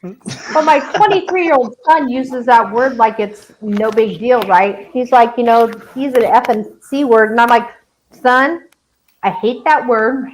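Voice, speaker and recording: A woman in her fifties talking candidly in a casual group chat. She is emphatic and swears freely, with a slightly high voice. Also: unhurried, slight background noise, poor audio.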